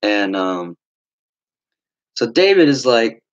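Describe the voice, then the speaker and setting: A young man telling a long story in a casual, rambling way, swearing often and filling pauses with "like" and "uh". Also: mid-range voice, sing-song, highs cut off. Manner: rambling, swearing, frequent fillers.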